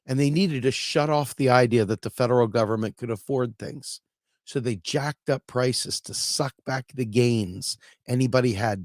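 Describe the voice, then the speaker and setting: A man's voice: medium pitch, a little mellow, no room sound, studio quality. A man hosting opinionated solo political commentary who talks bluntly, with swearing and sarcasm.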